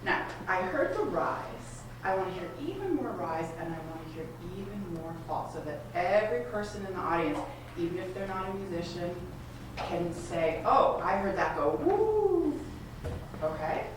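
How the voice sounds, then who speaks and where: A woman's voice: lowish voice, expressive, moderate pace, noisy background. A woman coaching a student string ensemble in a masterclass, giving encouraging, direct instructions and asking many questions. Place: rehearsal room at a community center. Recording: echoey room, far from the mic. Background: string instruments playing.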